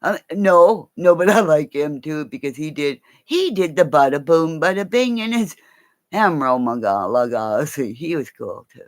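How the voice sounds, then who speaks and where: A woman livestream host with a low-sitting voice and lively intonation chats casually at a moderate pace, with no echo. She rambles from one thought to the next, laughs often and swears now and then.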